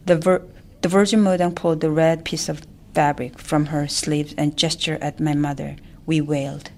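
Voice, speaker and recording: A woman narrating a family memoir in a soft, often whispered voice. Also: sits low, fairly even intonation, moderate pace, a little hiss or hum. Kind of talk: memoir storytelling.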